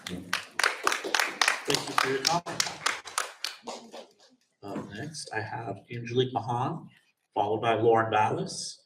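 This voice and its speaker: A man chairing a public meeting, brisk and procedural as he calls up the next speakers. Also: mid-range voice. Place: community center meeting hall. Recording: echoey hall, distant mic, faint noise.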